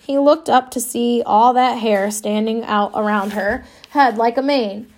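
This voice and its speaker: Brief: woman narrator, first-person audiobook, wry and wistful, somewhat high voice. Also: unhurried, a little mellow.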